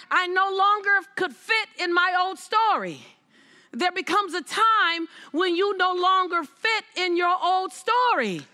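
A woman's voice: very high voice, pushed and bright. A woman giving a motivational speech to a live audience from a stage, emphatic, repeating phrases and laughing often. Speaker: motivational speaker. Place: stage before a large audience.

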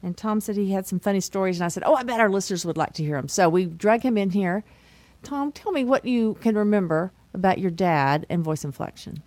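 A woman's voice: mid-range voice, animated, fairly quick, a little mellow. A woman hosting a podcast interview, talking in an upbeat, encouraging way. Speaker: podcast host. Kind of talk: casual interview chat.

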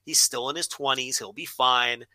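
A man's voice: medium pitch, fairly even intonation, moderate pace, sharp tone, no echo. A man co-hosting a casual wrestling podcast, blunt and opinionated, swearing freely. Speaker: podcast co-host.

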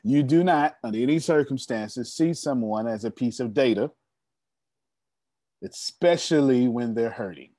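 A man's voice: mid-range voice, measured pace, mellow, dry recording, studio quality. A young man giving a motivational storytelling talk, preachy and emphatic, speaking straight to his listeners. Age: young adult. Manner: preachy, addresses the audience directly, emphatic. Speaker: motivational speaker leading a members' meeting.

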